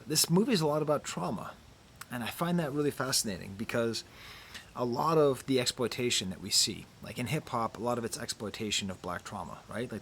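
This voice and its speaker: A middle-aged man giving casual film commentary to camera outdoors, talking softly, almost in a whisper, musing with quick laughs. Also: fairly low pitch, slight background noise. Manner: soft, near-whispered delivery. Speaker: YouTube critic. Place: outdoors near trees.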